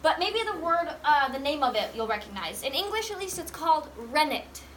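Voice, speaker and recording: Woman, cheese farm tour guide, high voice, bright tone, chatty, quizzes the group. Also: big pitch swings, brisk, a little hiss or hum. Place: working cheese farm dairy.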